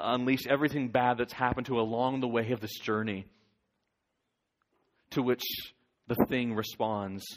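A male pastor preaching a sermon, swinging from loud urging to near whisper. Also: fairly low pitch.

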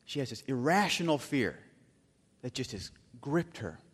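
A man preaching a sermon, telling a story dramatically and swinging from loud bursts to hushed asides. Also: mid-range voice, big pitch swings, unhurried, husky. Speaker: pastor. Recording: long hall reverb.

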